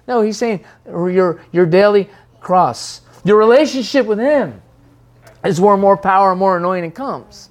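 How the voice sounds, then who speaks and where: Preacher, sermon, animated, acts out voices, rambling restarts. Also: mid-range voice, normal speed.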